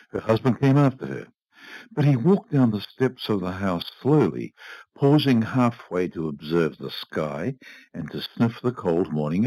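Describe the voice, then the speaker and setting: A man narrating a short story aloud in a measured, expressive reading. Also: low-pitched, no room sound, low-quality recording. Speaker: reader. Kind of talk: audiobook narration.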